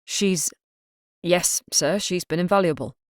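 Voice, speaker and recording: A woman's voice: fairly low pitch, unhurried, dry recording, studio quality, natural voice. A woman voicing a worried male detective inspector who answers hesitantly and apologetically in an audiobook. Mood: apologetic. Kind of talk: audiobook character reading.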